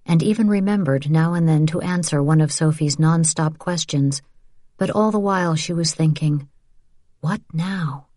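Low-voiced woman reading an audiobook. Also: warm tone, dry recording, clean studio sound. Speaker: audiobook narrator. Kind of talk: scripted narration.

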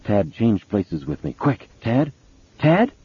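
A man doing a frantic, hoarse young mother. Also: medium pitch, big pitch swings, slow pace, no room sound, pitched above the performer's own voice, exaggerated voice. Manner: frantic, feverish whispering. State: hoarse, croaking. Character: terrified young mother trapped with her sick son. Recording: tinny phone-like sound, dry.

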